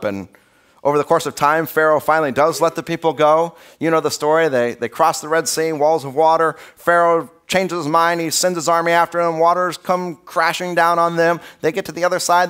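A man preaching a sermon as pastor in a church, in a conversational, animated storytelling way. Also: fairly high pitch, brisk, clean tone. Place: church sanctuary.

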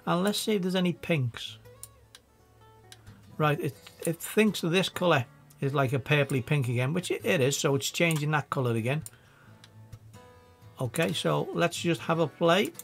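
A man with a Scouse accent giving a casual, chatty software tutorial, thinking aloud as he works. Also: fairly high pitch, expressive, normal speed, creaky, pauses often, faint music behind. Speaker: video editing tutor.

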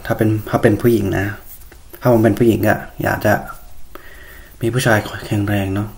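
Flat, fast-talking male host. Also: on the low side, vocal fry. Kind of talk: casual commentary.

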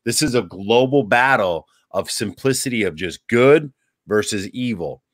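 A man's voice: on the low side, lively intonation, measured pace, no room sound, clean studio sound. A man hosting a podcast interview, casual and friendly, asking searching questions and calling his guest bro. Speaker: podcast host. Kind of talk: conversational interview.

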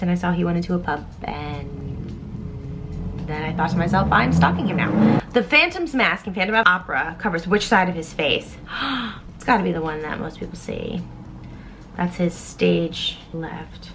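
Excitable young woman vlogging, lively pitch. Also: slight background noise. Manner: animated, excitable, thinks aloud. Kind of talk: casual quiz vlog.

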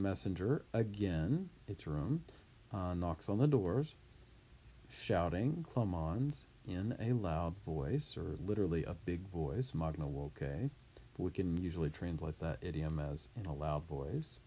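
A man teaching from a Latin reader, reading each line and then translating and explaining it, with his voice leaping up for the shouted quotes. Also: deep voice, lively intonation, measured pace, husky. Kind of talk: reading aloud and explaining a textbook.

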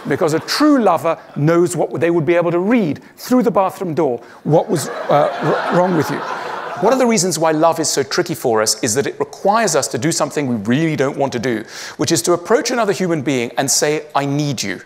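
A man's voice: fairly high pitch, lively intonation, brisk, background noise. A man giving a witty stage talk to an audience, acting out the voices he quotes. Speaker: public speaker.

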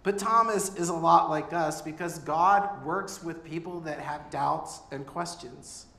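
A man's voice: a little high, unhurried, vocal fry, fairly bright tone. A man preaching a sermon as pastor, earnest and conversational, with humorous asides. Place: church. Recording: echoey church room.

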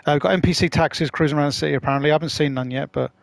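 A man's voice: a little high, fairly even intonation, rapid-fire, vocal fry, dry recording. Chatty man streaming a game. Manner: rambling, slangy, swears, talks to chat. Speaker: gaming streamer. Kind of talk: casual live-stream chat.

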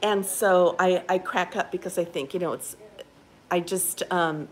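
A woman's voice: lowish voice, fairly even intonation, a little slow. An older woman telling a candid, rambling personal story in a casual video diary, talking from a rehab facility. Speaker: vlogger.

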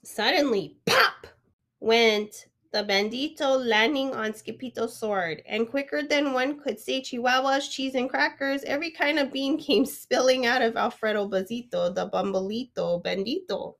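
A woman reading a children's picture book aloud, expressive, sometimes stopping to ask the listening child a question. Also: fairly high pitch, moderate pace, few pauses. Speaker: storyteller. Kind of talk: children's storybook read-aloud.

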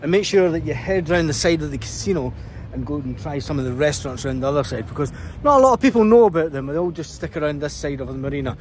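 A man's voice: on the high side, expressive, fast. A Scottish man giving a chatty walking tour of a castle, out of breath from the climb uphill. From Scotland. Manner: chatty, pointing things out while walking uphill. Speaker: travel vlogger. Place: outdoors on a hilltop castle. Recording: outdoor vlog with clear background noise.

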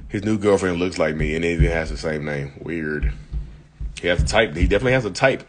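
Low husky-voiced man hosting live chat. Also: a little fast. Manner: blunt, chatty, addresses viewers as y'all. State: getting over illness, coughing. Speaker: live-stream host. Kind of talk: casual live chat reading viewer comments.

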